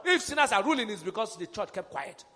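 Male preacher, forceful call-and-response sermon, high animated voice. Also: quick pace, long reverb tail, slight background noise. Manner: emphatic, rising to shouts, call-and-response.

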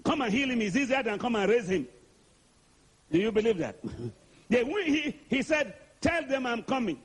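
A man's voice: very high-pitched, sing-song, moderate pace, slightly rough. A male preacher delivering a sermon, firing repeated rhetorical questions and calling on the congregation to answer back. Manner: call-and-response, urging the congregation to answer.

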